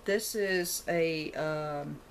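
A woman's voice: low voice, very slow, a little hiss or hum. A woman chatting to her camera at home as she shows a shopping haul, thinking aloud and rambling as she goes. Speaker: vlogger showing a shopping haul. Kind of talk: casual chat to camera. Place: indoors at home, room with a closet. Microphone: camera on a tripod.

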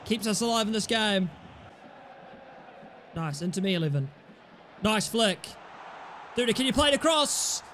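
Excitable high-voiced man commentating his game. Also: unhurried, pauses often, slight background noise. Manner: excitable, swings between muttering and yelling; cheeky, sweary banter at teammates. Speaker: gaming YouTuber. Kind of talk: live gameplay commentary.

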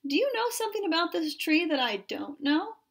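A woman voicing a calm, practical father who speaks in a matter-of-fact, gentle but firm way. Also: extremely high pitch, fairly quick, creaky, pitched above the performer's own voice, exaggerated voice.

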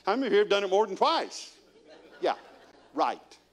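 A man's voice: high voice, normal speed. A man, preaching a guest sermon in a church and quizzing the congregation with question after question. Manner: animated storyteller, quizzing the congregation with repeated questions.

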